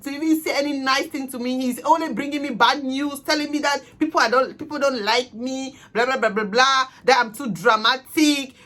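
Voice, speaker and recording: Emotional woman telling a story. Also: on the high side. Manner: emotional, swinging from soft murmurs to loud outbursts. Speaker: vlogger. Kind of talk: casual storytime chat.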